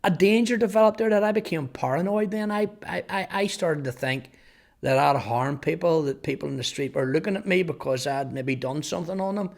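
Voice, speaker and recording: Gravelly Northern Irish man in his fifties. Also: a little high. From Northern Ireland. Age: 50s. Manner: earnest, halting with repeated words. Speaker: testimony speaker. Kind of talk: personal testimony storytelling.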